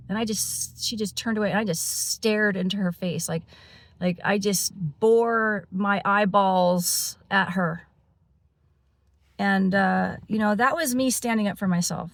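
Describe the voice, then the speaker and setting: A woman talks straight to her camera and tells a personal story in a loose, rambling way, full of fillers, restarts and little laughs. Her voice sits in a middle pitch, and the sound is dry and close, with no room echo. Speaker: paranormal channel host.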